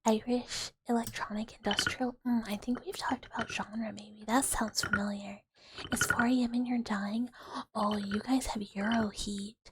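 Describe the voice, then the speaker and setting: A young woman streaming as an ASMR host, chatting with viewers in a soft whispered role-play and rambling with fillers on a close microphone. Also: medium pitch, flat delivery, normal speed. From United States. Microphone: close sensitive ASMR microphone. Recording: loud hiss under the whisper.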